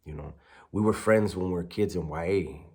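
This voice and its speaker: A former prisoner telling a story in casual street slang, sprinkling in Spanish words. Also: male voice, deep voice, moderate pace, warm tone.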